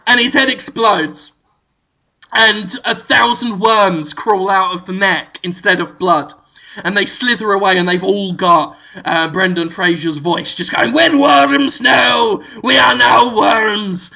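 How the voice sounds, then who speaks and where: A man's voice: high voice, unhurried, sharp tone. A male podcast host telling a rambling, absurd improvised story with frequent giggles.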